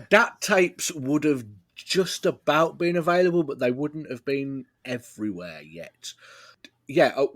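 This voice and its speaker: A man's voice: mid-range voice, dry recording, clean studio sound. A man talking as a podcast guest in a rambling, casual way, with plenty of fillers. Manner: rambling, fond of filler words, laughs easily.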